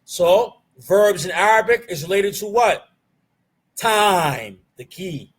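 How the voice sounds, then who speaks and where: A man teaching an online Arabic grammar class. He asks the class questions and answers them himself, drills key terms slowly and mixes Arabic terms into his English. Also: high-pitched, lively intonation, slightly rough. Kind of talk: live online class lecture.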